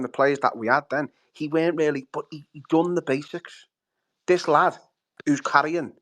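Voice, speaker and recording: A man, co-hosting a football fan chat show, talking bluntly and animatedly with lots of swearing. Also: mid-range voice. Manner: blunt, sweary, animated, acts out players' thoughts. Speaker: podcast co-host.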